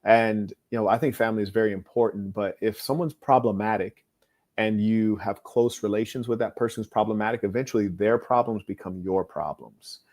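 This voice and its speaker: A man's voice: on the low side, brisk, a little mellow. Blunt, slangy man lecturing. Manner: blunt, dismissive, slangy, often asks "you hear me?". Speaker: host. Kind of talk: casual monologue.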